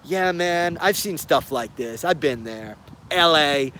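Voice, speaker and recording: A man's voice: fairly high pitch, expressive, takes it slowly, sharp tone, voice pushed down, exaggerated voice. A man doing a laid-back male police officer who talks in short, matter-of-fact bursts.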